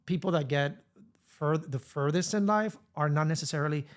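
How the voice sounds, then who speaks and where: A podcast co-host, a man with a Spanish accent and a fairly high voice. He tells his stories with animation, drifting between English and Spanish as he talks. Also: normal speed. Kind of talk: casual chat.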